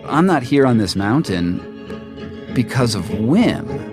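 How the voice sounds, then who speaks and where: A man recounts his own experience, stumbling over restarts and growing animated as he goes. His pitch sits in the ordinary middle range. A music bed runs beneath his voice. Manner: halting, many restarts, animated retelling. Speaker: journalist, storyteller. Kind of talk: first-person storytelling interview. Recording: music underneath.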